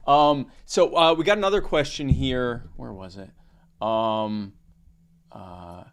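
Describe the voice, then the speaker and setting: A man's voice: medium pitch, slow pace, clear, resonant tone. Joking American man hosting a podcast. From United States. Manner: chatty, joking, reads listener questions. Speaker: podcast host. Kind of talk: casual podcast interview.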